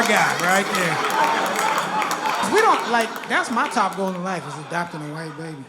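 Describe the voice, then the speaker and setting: Man doing stand-up over loud laughter. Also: high voice, brisk, heavy background noise. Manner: animated, acts out characters in voices. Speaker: stand-up comedian. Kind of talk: stand-up comedy set. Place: live comedy venue. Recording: roomy live room with loud crowd. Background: loud audience laughter.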